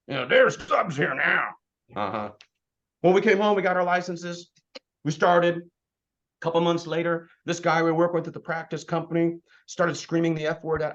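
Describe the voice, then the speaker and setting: Man, slightly high-pitched, blunt motivational talk, preachy, dull lo-fi sound. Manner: blunt, fired-up, preachy, swings between loud and hushed. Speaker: insurance agency leader speaking to his team.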